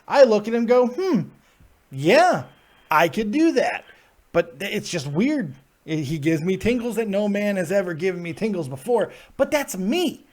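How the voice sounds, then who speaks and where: A male podcast host runs a live wrestling review show, ranting, swearing heavily, and laughing often. He's coming down with a cold and his ears are plugged. His high voice is expressive and darkish in tone, and he talks briskly with hardly any pauses.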